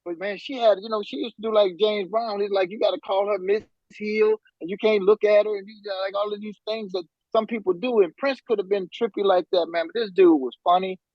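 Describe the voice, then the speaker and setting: A man's voice: high voice, fairly quick, few pauses, no echo, lo-fi sound. A man, a podcast guest and musician, telling stories casually with slang and bursts of laughter. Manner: animated, laughing storyteller with slang. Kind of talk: casual storytelling.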